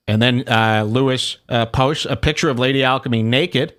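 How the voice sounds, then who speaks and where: A man's voice: medium pitch, moderate pace, hardly any pauses, fairly bright tone, smooth. A man hosting a casual livestream, rambling and mocking as he reads out posts. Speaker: show host.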